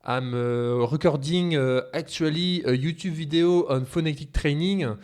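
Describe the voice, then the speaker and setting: A man voicing a careless French man who speaks halting English with a heavy French accent and many fillers. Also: on the high side, darkish tone, smooth, close to an everyday voice. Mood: offhand. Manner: halting, hesitant, full of fillers.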